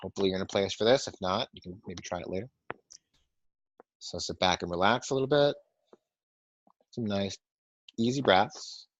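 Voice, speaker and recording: A man with a very low, deep voice leads a guided breathing and toning session, counting breaths slowly and softly. The audio is dry and slightly muffled, as if from a webinar microphone. He sounds like a calm meditation teacher speaking to an online group. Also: dry recording. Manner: calm, soft-spoken guidance, counting slowly.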